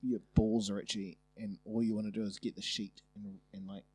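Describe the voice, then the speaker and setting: A man's voice: lowish voice, flat delivery, darkish tone, dry recording. A man co-hosting a casual podcast chat, laughing often and trading jokes, with a New Zealand accent. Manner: laughs often, quick jokey replies. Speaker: podcast co-host.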